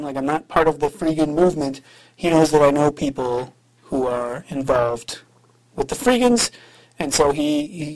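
A man's voice: fairly high pitch, low-quality recording. Rambling, hesitant man leaving a message. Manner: rambling, hesitant, with many fillers. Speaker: radio show host. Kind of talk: recorded voice message to the show.

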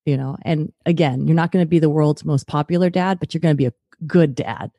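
A woman's voice: sits low, fairly quick, hardly any pauses, warm tone, dry recording, studio quality. A woman, a guest author on a podcast, talking earnestly about parenting and acting out bits of parent dialogue. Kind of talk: podcast interview.

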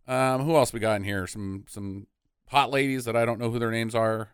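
A man's voice: medium pitch, fairly even intonation, normal speed, clean tone, dry recording, studio quality. A man co-hosting a casual podcast chat, jokey and loose, swearing freely. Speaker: podcast co-host.

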